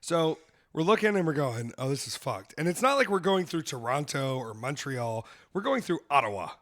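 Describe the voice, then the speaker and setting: A man's voice: fairly high pitch, animated, normal speed, fairly bright tone. A man hosting a comedy podcast, telling loose, profane travel stories with frequent laughter. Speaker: podcast host. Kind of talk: casual comedic chat.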